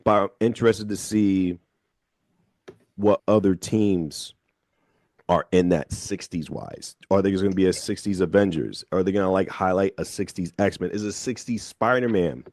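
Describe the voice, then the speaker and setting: A radio host with a very low voice, speaking in a dry, close studio sound. He talks in a measured, thoughtful way and slows down to stress his points. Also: darkish tone, dry recording. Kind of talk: casual radio chat. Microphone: studio microphone.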